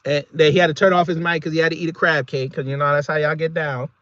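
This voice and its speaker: A man hosting a casual reaction video, talking in an animated, slangy way and laughing often. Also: on the high side, fast talker, dry recording, dull audio.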